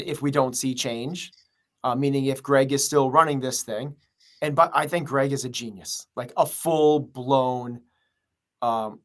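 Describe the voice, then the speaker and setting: A man's voice: mid-range voice, fairly bright tone. A man who runs a gym, speaking as a podcast interview guest in an earnest, rambling way full of fillers. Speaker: gym owner and coach.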